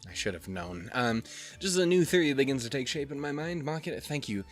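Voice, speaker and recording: Speaking over music, this let's player has a mid-range, expressive voice and a quick pace. He works through a visual novel on his channel, reading the lines aloud amid casual, foul-mouthed, self-deprecating rambles.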